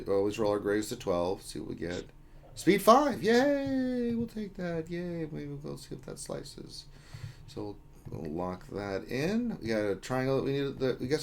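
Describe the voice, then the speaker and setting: A man's voice: on the low side, sing-song, moderate pace, gravelly, darkish tone, slight background noise. A man hosting a casual livestream, reading out chat names and greetings in a loose, joking way. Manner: reads chat names aloud, jokey and loose. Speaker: livestream host.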